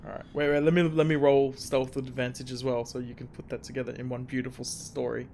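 An eager man plays a tabletop game and fires off quick rule questions. His voice sits in a middle pitch. There is a faint hiss behind him. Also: little pitch movement, creaky, a little mellow. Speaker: player.

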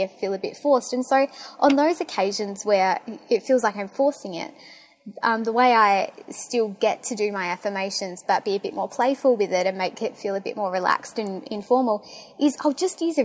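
Chatty excitable young Australian woman. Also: medium pitch. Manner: chatty and excitable, full of fillers. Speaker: podcast host. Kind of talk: casual monologue.

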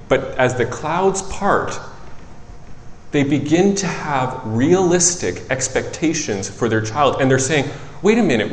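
A man preaching a sermon in a relaxed, conversational way, who often corrects himself and tells stories from his work as a child psychologist. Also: mid-range voice. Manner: conversational, self-correcting, animated storytelling. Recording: echoey hall with long reverb.

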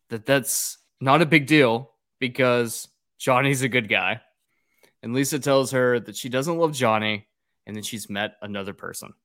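A man's voice: medium pitch, a bit bright. A man in casual podcast chat, animatedly recapping a movie's scenes and laughing along. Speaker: podcast host recapping a film.

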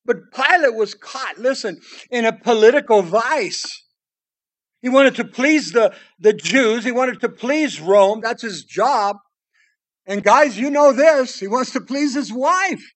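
Male preacher with a high voice, verse-by-verse sermon, punches some lines and drops to a hush on others, keeps calling on listeners to listen. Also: lively intonation, slow pace. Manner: emphatic, swings between loud declarations and hushed pleading asides; addresses listeners directly with "listen" and "guys". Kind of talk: expository sermon.

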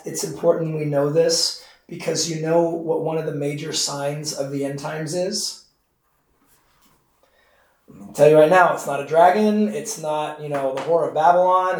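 A man's voice: on the high side, darkish tone. A man who is a pastor, teaching a Bible study class in a casual, conversational way with many fillers, recorded in an echoey room from a distance. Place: church classroom. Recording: echoey room, mic far off.

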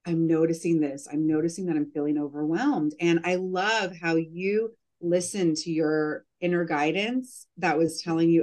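A woman's voice: low-pitched, steady tone, moderate pace, hardly any pauses, darkish tone. A woman who coaches mothers, talking earnestly in a casual podcast interview and using "like" often.

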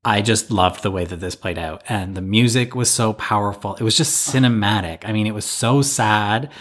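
A man with a fairly low voice talks through a TV episode with his co-host. He rambles thoughtfully, pausing on fillers as he works out his points. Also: a bit bright. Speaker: podcast co-host. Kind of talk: casual recap chat.

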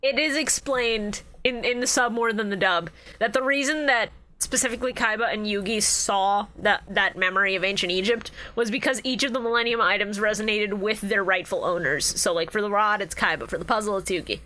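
A woman's voice: medium pitch, a little fast, hardly any pauses, sharp tone. A woman co-hosting a casual podcast, giggling often and explaining anime lore in detail. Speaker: podcast co-host. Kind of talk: casual chat.

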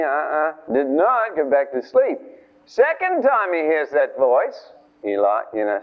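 A man preaching an informal sermon, telling a story and acting out the voices of its figures in a chatty, animated way. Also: a little high, normal speed. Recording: tinny lo-fi radio broadcast.

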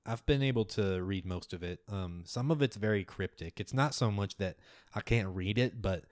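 A formal, mysterious scholar, played by a man, low-voiced and measured. He chooses his words carefully and hesitates often. The sound is dry and close. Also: dry recording, natural voice. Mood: earnest.

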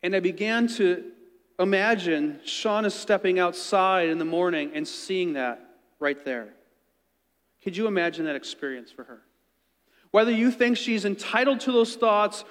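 A man telling a story in an earnest, conversational sermon, dropping quiet when he quotes others. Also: sits high, a little slow, in a large hall.

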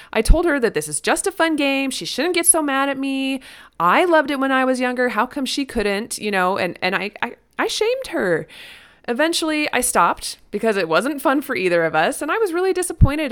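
A middle-aged woman telling a personal story about her childhood and her own children. She talks casually and jumps into high, loud voices when she quotes herself and her daughters. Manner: animated, acts out voices with sudden high-pitched quotes.

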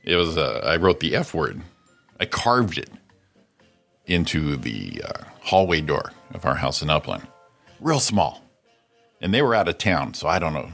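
A middle-aged man co-hosting a casual morning show, telling stories with lots of laughter and loud mimicry. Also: a bass voice, sing-song, measured pace, creaky, pauses often, faint music behind. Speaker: co-host.

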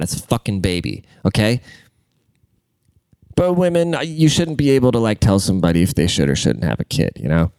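A man's voice: fairly low pitch, creaky, a little mellow, dry recording. Congested man in a crude, rambling rant. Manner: crude, rambling, swears constantly. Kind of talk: casual profane rant.

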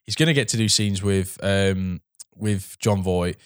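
A man in casual film chat, halting and restarting, then riffing enthusiastically. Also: low-pitched, fairly even intonation, clean tone, no room sound, clean studio sound.

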